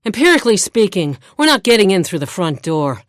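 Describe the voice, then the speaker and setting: A woman voicing a brainy, condescending small female asura scholar in a video game, speaking in a crisp, precise way over game music. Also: medium pitch, very animated, fairly quick, no echo, studio quality, lightly acted. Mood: haughty. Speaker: Priory agent.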